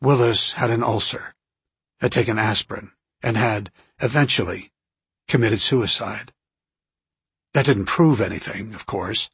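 A man reading an audiobook aloud in a measured, even narration. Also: lowish voice, breathy edge, dry recording.

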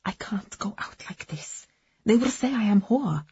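A woman's voice: medium pitch, lively intonation, unhurried, darkish tone, slightly rough, dull audio, pitched above the performer's own voice, exaggerated voice. A woman putting on a rich, frank, flustered foreign woman. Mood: panicked. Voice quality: broken English, drops articles.

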